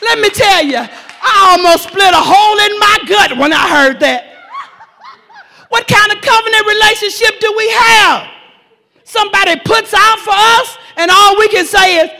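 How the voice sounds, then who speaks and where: A woman preacher delivering a sermon, shouting and repeating lines for emphasis. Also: extremely high pitch, moderate pace, big-room sound.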